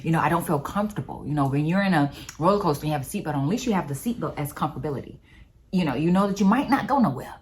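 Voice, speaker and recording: A woman talking casually about faith, telling personal stories in an animated, conversational way. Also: low voice, racing, a little hiss or hum. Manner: animated storyteller, expressive and conversational. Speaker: vlogger.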